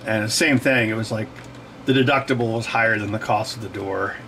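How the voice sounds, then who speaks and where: A man's voice: on the low side, brisk, creaky, background noise. Rambling man chatting while he works. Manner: digressive, self-correcting, laughs often. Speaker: livestream host. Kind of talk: rambling casual chat while working.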